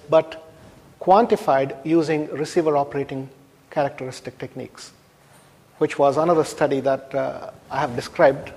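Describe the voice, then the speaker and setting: A male university lecturer explains technical results in a slow, measured way, pausing between phrases. His voice sits a little higher than most men's. The sound rings with the long reverb of a lecture hall. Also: a little mellow.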